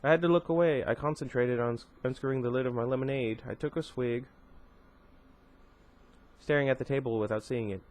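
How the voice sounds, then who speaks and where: A man reading a first-person novel aloud, steady but with occasional stumbles and asides. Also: mid-range voice, brisk, pauses often. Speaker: amateur audiobook reader.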